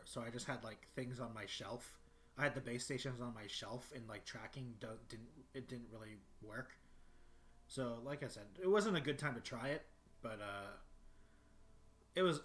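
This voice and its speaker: This young man talks at a normal speed in a mid-range, fairly bright voice. He's on a casual solo livestream from his bedroom, rambling along with plenty of fillers and false starts.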